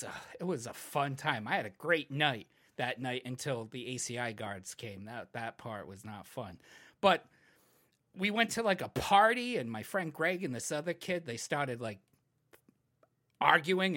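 A young man in casual podcast chat, telling a wild story with lots of swearing and shouted, acted-out quotes. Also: on the high side, lively intonation, normal speed. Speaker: podcast co-host.

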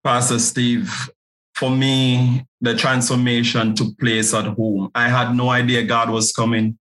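A man's voice: mid-range voice, little pitch movement, unhurried, fairly bright tone, rough recording. An earnest male pastor with a Jamaican accent, guesting on a podcast. He speaks in a preaching manner and stumbles over repeated words as he builds toward a point. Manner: earnest, repeats words when starting a thought.

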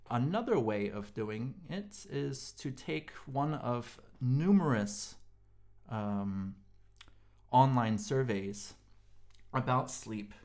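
A sleep-deprived man co-hosting a podcast in casual chat, tired and yawning, talking haltingly with many ums and restarts. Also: medium pitch, darkish tone. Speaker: podcast co-host.

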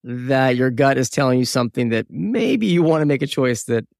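Guy hosting a podcast, super gravelly voice, dry sound. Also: mid-range voice, moderate pace, darkish tone, no echo. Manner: agreeable, asks questions. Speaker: podcast host. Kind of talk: interview questions.

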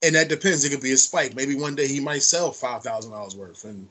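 A man's voice: medium pitch, brisk, fairly bright tone. A man co-hosting a podcast, telling stories in blunt, profane casual chat. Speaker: podcast co-host.

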